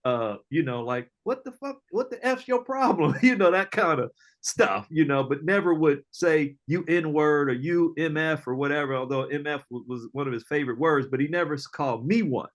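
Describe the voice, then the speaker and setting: A middle-aged man, an entrepreneur guest, telling casual stories in an animated, slangy way, often acting out other people's lines. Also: on the high side, normal speed. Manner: animated storyteller, slangy, acts out quoted voices, laughs often. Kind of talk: casual storytelling interview.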